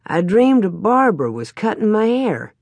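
A woman voicing a patient, plain-spoken pioneer father in a story reading, low, even and matter-of-fact. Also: unhurried, gravelly, dry recording, heavily acted. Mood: calm.

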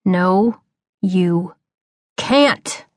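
A woman voicing a stern, gruff farmer father in a children's audiobook, lowering her voice for him. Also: expressive, very slow, darkish tone, dry recording, clean studio sound. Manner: gruff, growling. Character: stern farmer father, middle-aged man.

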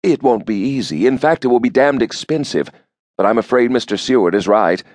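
A man's voice: medium pitch, a little fast, darkish tone, dry recording, voice pushed up, close to an everyday voice. A man doing a blunt, worried treasury man. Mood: grim. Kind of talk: audiobook character voice.

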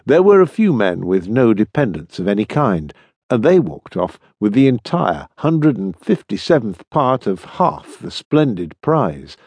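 A man narrating historical fiction as an audiobook, expressive and varied in his storytelling. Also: on the low side, a little slow, husky, no room sound.

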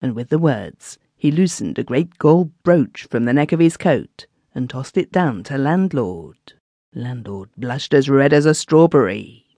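Woman narrating an old story, first person villager, dry close mic, a bit gravelly. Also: rumbling low, lively intonation, a little slow, mellow, dry recording. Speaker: audiobook narrator. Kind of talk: scripted narration of a classic story.

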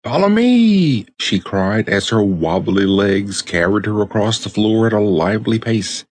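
A man narrating a children's storybook audiobook with expressive storytelling. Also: on the low side, unhurried, no room sound.

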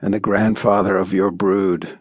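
Old barbarian grandfather, voiced by a man, low, calm and steady, dry studio sound. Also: husky, no room sound. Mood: calm resolve. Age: older. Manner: calm, measured.

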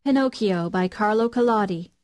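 A woman narrating an unabridged classic children's audiobook, gently addressing young readers. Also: mid-range voice, moderate pace. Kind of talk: scripted storybook narration.

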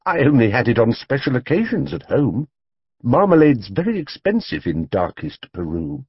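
A man's voice: mid-range voice, big pitch swings, moderate pace, creaky, husky, no echo, pitched above the performer's own voice, heavily acted. A man doing Paddington, a polite little bear. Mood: delighted. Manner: proud, well-mannered and earnest. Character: small polite earnest young male bear. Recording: dull, dry studio audiobook read.

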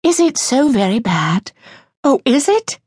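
A woman voicing a frightened young society mother in an audiobook, pleading in a high, panicked voice. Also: big pitch swings, unhurried, darkish tone, breathy edge, no echo, studio quality, full character voice. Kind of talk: audiobook character reading.

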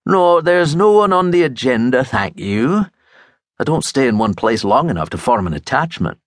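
A man's voice: mid-range voice, very animated, moderate pace, no room sound, studio quality, pitched above the performer's own voice, close to an everyday voice. A male audiobook narrator voicing a wry, talkative former Scotland Yard inspector turned private detective.

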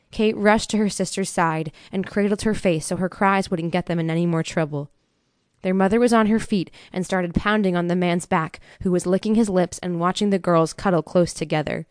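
A woman reads a thriller audiobook in steady, measured narration. Her voice sits on the low side for a woman. The recording is dry and close, with no room sound. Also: no room sound. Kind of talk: scripted narration.

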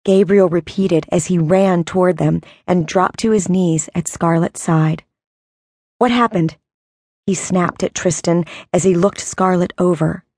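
A woman's voice: fairly low pitch, level tone, a little slow, hardly any pauses, a little mellow, no echo. A hot-tempered young man from a teen fantasy audiobook, crying out and snapping questions in a raised voice, as a woman narrator puts him on. The delivery stays dry and close. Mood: frantic.

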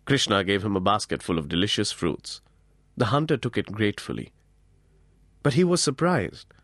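A man narrating a novel as an audiobook, telling the story expressively, slowing and speeding for effect. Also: on the low side, no echo, studio quality. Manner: expressive storytelling, varied pace. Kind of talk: scripted narration.

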